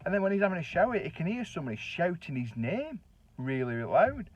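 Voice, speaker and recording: Lively Northern English man telling a yarn. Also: sits high, fast talker, dry recording. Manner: chatty, colloquial, lively and swearing. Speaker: storyteller. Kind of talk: casual anecdote telling. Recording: dull, dry lo-fi recording.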